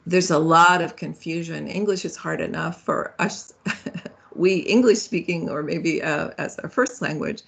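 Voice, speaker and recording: A woman's voice: sits low, a little slow, creaky, a bit bright, breathy edge. A woman speaking as a guest in a speaker series, in a conversational way with fillers and self-corrections.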